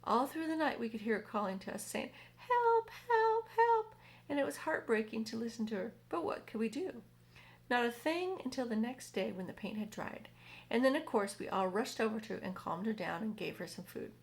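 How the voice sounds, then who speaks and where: Brief: woman voicing a prim, gossipy female spider for a storybook; slightly high, rambling. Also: expressive, normal speed.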